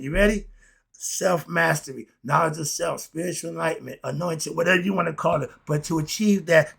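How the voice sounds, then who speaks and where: A middle-aged man teaching spiritual philosophy, preachy and excitable, firing rhetorical questions at his listeners. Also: on the high side, gravelly, husky. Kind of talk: spoken lesson.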